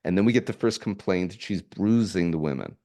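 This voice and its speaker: Low-voiced man telling rambling stories. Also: expressive, mellow. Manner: rambling, halting restarts, chuckles while telling stories. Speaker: guest. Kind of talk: casual storytelling.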